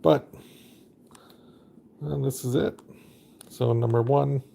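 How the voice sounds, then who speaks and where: A man's voice: medium pitch, slow, creaky, warm tone, a little hiss or hum. A man casually narrating his game during a live stream, rambling and chatty with lots of fillers.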